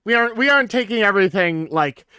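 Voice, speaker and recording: A man with a bright, crisp voice hosts a tabletop game. He jokes and talks loosely, tossing in quick asides. The sound is dry and close. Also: high-pitched, animated, dry recording. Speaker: game master. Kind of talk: casual game intro chat.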